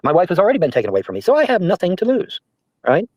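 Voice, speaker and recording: A man's voice: sits high, huge pitch swings, rapid-fire, a little mellow, no echo. Profane, mocking man ranting on a stream. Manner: profane, mocking, reads chat aloud and answers it. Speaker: livestreamer answering trolls. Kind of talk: casual livestream rant. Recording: dull, dry lo-fi stream audio.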